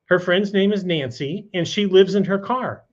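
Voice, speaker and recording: Higher-voiced man telling a story. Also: normal speed. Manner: conversational, many "you know" asides. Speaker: guest. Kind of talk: casual storytelling. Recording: dull lo-fi sound.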